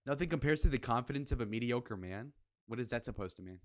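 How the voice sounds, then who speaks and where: A man's voice: medium pitch, animated, fast talker, no echo. A man hosting a live reaction stream, talking in a brash, crude, mocking way. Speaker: livestream reaction host. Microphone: headphones on, desk mic.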